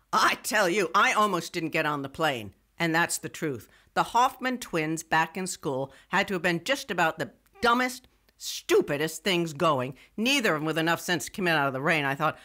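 A young woman radio writer, wry and digressive, bright-toned narration. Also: on the low side, lively intonation, normal speed. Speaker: first-person narrator. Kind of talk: scripted first-person narration.

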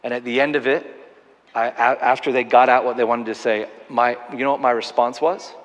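A man's voice: mid-range voice, steady tone, fairly quick, big-room sound, dull audio. Earnest male pastor preaching. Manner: earnest, storytelling, self-deprecating humor. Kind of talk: sermon. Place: church auditorium.

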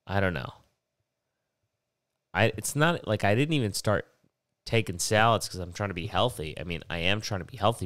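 A man's voice: sits low, fairly bright tone, dry recording. A young man hosting a podcast while sick with a stuffy, nasal voice, rambling casually and swearing often. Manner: rambling, profane, digressive. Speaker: podcast host.

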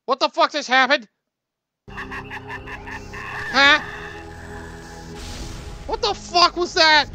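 A man doing jokey, profane, excitable gameplay commentary as a let's play host. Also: very high voice, very slow, pauses often, soft background music.

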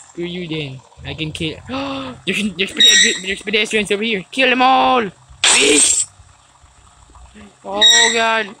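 A woman doing casual let's-play commentary, excitable, yelling and swearing at the game. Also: mid-range voice, heavy background noise. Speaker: gaming video host.

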